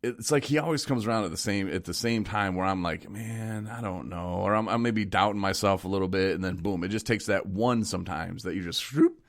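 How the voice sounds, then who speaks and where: A man hosting a casual podcast chat, telling joking stories in an animated way. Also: low-pitched, a little fast, hardly any pauses. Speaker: podcast host.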